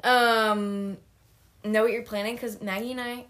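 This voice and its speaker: A woman's voice: on the high side, level tone, a little slow, fairly bright tone. A young woman co-hosting a podcast in casual chat, rambling with lots of fillers and giggles. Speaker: podcast co-host.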